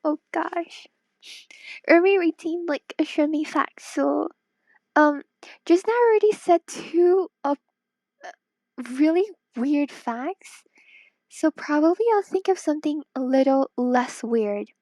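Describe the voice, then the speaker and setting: Woman streamer, excitable casual chat, dry close sound, earbud mic. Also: high voice, slow, dry recording. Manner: chatty, giggly, excitable. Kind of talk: casual chat with viewers while drawing. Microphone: wireless earbuds.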